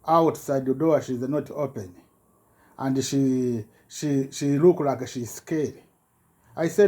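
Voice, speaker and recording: A man giving a rambling personal account in halting broken English, full of restarts and repetitions, his voice jumping up when he gets agitated. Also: fairly high pitch, warm tone. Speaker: self-recorded complainant.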